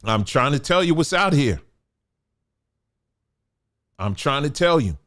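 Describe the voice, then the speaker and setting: A man's voice: fairly high pitch, sing-song, takes it slowly, a bit bright. A man hosting a commentary show, delivering an emphatic, preachy monologue. He calls his listeners family and repeats phrases for emphasis. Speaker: show host.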